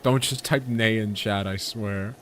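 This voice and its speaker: A man's voice: lowish voice, moderate pace, slight background noise. A man streaming a video game, chatting casually with viewers in a rambling, self-interrupting way. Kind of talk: casual gaming commentary.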